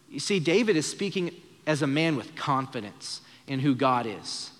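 A young pastor delivers an earnest sermon at a live church service, changing his voice to act out the lines he quotes. His medium-pitched voice is sing-song, pushed and bright at a moderate pace, with a long reverb tail.

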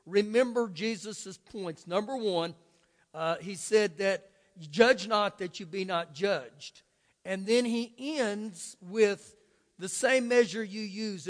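A male pastor preaching an earnest, emphatic sermon in a church, drawing out key words of scripture for stress. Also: sits high. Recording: long reverb of a large hall.

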